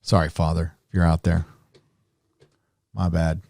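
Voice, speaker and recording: A man hosting a live stream, rambling casually with lots of fillers and restarts, his voice rising when animated. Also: low-pitched, measured pace, creaky, no room sound, studio quality. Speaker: live show host.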